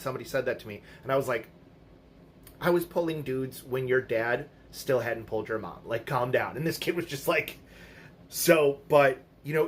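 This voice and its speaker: Middle-aged man, casual vlog storytelling, blunt and profane, mid-pitched voice, faint room hum. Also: a bit bright. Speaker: vlogger.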